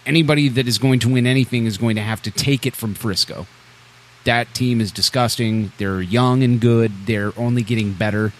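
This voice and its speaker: A man's voice: medium pitch, fairly even intonation, normal speed, a little hiss or hum. A man hosting a casual sports podcast, joking and teasing the other guests. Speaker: podcast host.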